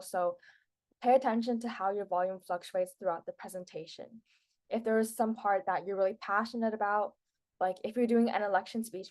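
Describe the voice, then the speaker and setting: A woman's voice: medium pitch, darkish tone. A teenage girl presenting public speaking tips to a class in a casual, chatty way, with lots of filler words. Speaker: student presenter.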